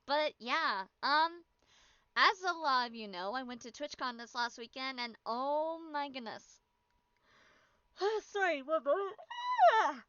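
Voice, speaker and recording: A woman's voice: high voice, expressive, measured pace, bright, forceful tone, clear, resonant tone, no room sound, muffled recording. A woman chatting casually on a stream as a VTuber, bubbly and chatty but tired and yawning.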